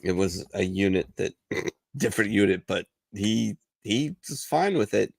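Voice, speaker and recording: Gravelly, profane male veteran host. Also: fairly low pitch, expressive, a little slow, no echo. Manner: profane, storytelling, acts out quoted voices. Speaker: podcast host. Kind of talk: casual bar chat.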